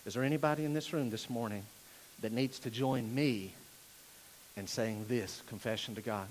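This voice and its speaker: A man preaching a sermon to his church, swinging between hushed, intimate moments and loud, fervent passages. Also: medium pitch, normal speed, slight background noise, low-quality recording. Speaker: pastor. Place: church sanctuary.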